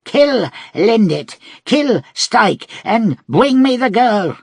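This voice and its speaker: A man's voice: mid-range voice, big pitch swings, slow pace, gravelly, slightly rough, dry recording, studio quality, voice pushed up, exaggerated voice. A male audiobook narrator voicing a ruthless possessed man who barks orders and then turns coaxing. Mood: commanding.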